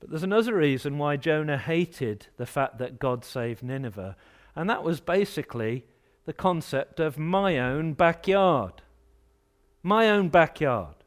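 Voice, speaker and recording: A man from England preaching a sermon, rising to loud, emphatic outbursts as he voices objections. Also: fairly high pitch, animated, unhurried.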